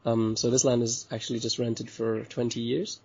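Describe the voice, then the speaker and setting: Relaxed gravelly man, dull lo-fi sound. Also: medium pitch, moderate pace. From Bali. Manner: relaxed, chuckles often, loose and rambling with many fillers. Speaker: hostel owner and interview guest. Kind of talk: casual chat interview. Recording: dull lo-fi recording.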